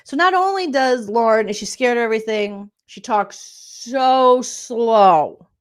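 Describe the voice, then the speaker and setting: A woman's voice: on the high side, lively intonation, a little fast. A woman in her forties, a comedian, doing a sarcastic, exasperated reaction rant with plenty of swearing. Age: 40s.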